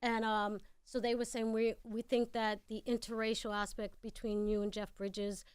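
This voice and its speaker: A woman's voice: on the high side, flat delivery, normal speed, clear, resonant tone, dry recording. Blunt New York woman, dry close sound. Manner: blunt, candid storytelling. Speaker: guest actor. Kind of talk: casual interview chat. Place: radio studio.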